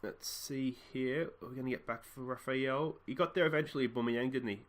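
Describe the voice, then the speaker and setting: Speaking fairly quickly in a medium-pitched voice, a man hosts a let's play of his football management game. His commentary is casual and chatty, full of musing and reactions to the action, broken by bursts of excitement.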